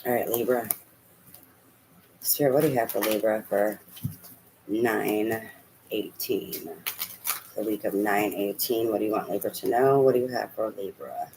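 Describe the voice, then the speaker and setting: A man's voice: lowish voice, unhurried, pauses often, a little mellow, slight background noise, low-quality recording. Chatty man giving a tarot reading. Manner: chatty, swears casually, talks to spirit aloud. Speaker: tarot reader.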